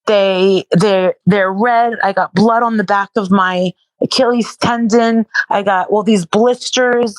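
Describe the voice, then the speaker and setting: A woman's voice: medium pitch, fairly even intonation, slow, few pauses, no echo, poor audio. A woman being interviewed in casual chat, talking bluntly and profanely and repeating herself in bursts. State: sore and worn out from protesting. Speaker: interview guest.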